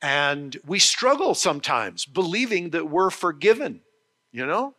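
A man preaching a sermon, earnest and explanatory, slowing down on key phrases and often restarting his sentences. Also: fairly high pitch, very animated, pushed and bright. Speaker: pastor.

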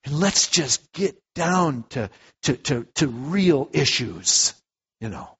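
A man's voice: mid-range voice, slow, husky, muffled recording. Man preaching in an echoey hall. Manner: conversational, animated preaching with many restarts. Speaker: pastor. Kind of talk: sermon.

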